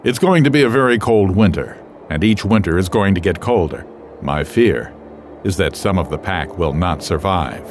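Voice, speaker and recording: A man voicing a calm, wise male wolf who leads the pack, speaking quietly and firmly. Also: low-pitched, normal speed, a little hiss or hum. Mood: solemn. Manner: quiet, firm, solemn.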